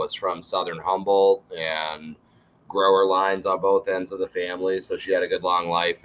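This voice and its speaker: Male guest, very deep voice, soft-spoken and thoughtful, light background noise. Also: rough recording. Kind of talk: casual chat.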